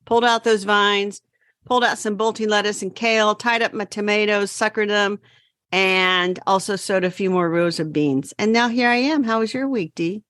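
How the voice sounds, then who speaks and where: A woman's voice: medium pitch, a bit bright, dry recording, clean studio sound. Chatty woman gardening podcast host. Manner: chatty, brisk gardening updates. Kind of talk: casual chat.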